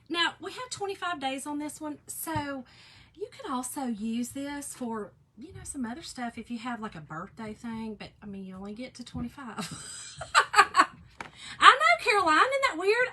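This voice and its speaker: A woman's voice: fairly high pitch, animated, normal speed, fairly bright tone, slightly rough. A woman, chatting casually as she hosts a live craft demo and answers viewer comments. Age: 40s. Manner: chatty, reads out viewer comments, laughs often. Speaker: craft live stream host.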